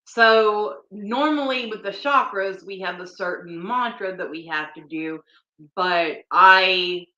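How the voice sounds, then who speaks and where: A woman guiding a grief meditation livestream, repeating affirmations slowly with fillers and restarts, close to tears. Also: on the low side, pushed and bright, reverberant, dull audio. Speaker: energy healing guide. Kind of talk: guided tapping meditation livestream.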